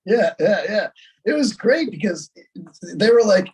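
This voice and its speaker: A man's voice: sits high, sing-song, unhurried, a little mellow, far from the mic, rough recording. A man co-hosting a casual talk show, telling prank-call stories and laughing as he acts them out. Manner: laughs through stories, acts out phone calls. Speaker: podcast co-host.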